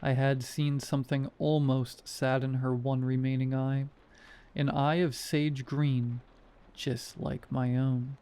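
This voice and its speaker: A man narrating first-person horror stories in a steady, measured scripted reading. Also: mid-range voice, smooth.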